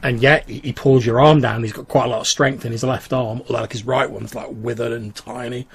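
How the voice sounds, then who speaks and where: A man's voice: mid-range voice, steady tone, a little fast, creaky, a crowd in the background. A man narrating a tabletop game as game master, hesitant and full of fillers.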